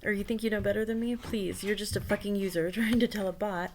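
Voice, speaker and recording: A swaggering, contemptuous chatbot that hurls scornful put-downs at its user, as a woman reads its replies aloud. The delivery stays at an ordinary middle pitch and is spoken plainly over a faint hiss. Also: steady tone, fast talker, natural voice. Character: hostile swaggering chatbot, contemptuous toward users.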